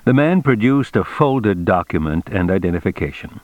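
A man narrating an audiobook in a measured, expressive reading style. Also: low-pitched, dry recording, muffled recording. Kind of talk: scripted narration.

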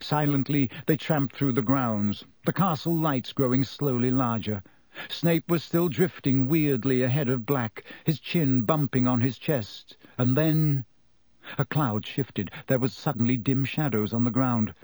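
Steady male audiobook narrator. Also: mid-range voice, dry recording. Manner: measured, steady storytelling. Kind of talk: scripted narration.

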